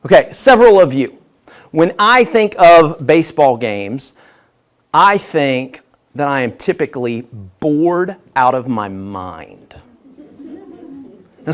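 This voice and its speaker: Man, guest speaker, self-deprecating storyteller, slightly high, very animated delivery. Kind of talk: humorous business talk to an audience.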